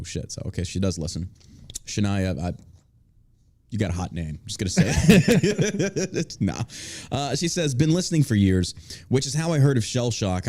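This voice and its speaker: A man's voice: mid-range voice, warm tone. A man hosting a podcast in casual banter, brash and profane, mocking his critics. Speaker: podcast host.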